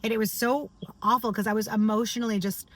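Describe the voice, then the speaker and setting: A woman's voice: on the high side, steady tone, quick pace. A woman and singer recording a candid personal video diary, speaking openly and emotionally. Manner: open, confessional, emotional. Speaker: vlogger and singer.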